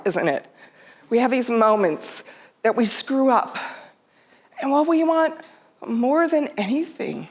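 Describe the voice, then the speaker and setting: A woman's voice: on the high side, husky. A middle-aged woman giving a heartfelt storytelling talk on stage, quoting herself and her mother in her own voice. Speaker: speaker. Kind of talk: storytelling talk to a live audience. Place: theater stage.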